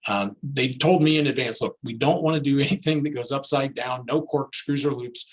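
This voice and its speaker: A man's voice: medium pitch, brisk, poor audio. A middle-aged man, a financial advisor, giving an educational talk and telling a personal story in a conversational way. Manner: conversational, storytelling with quoted dialogue.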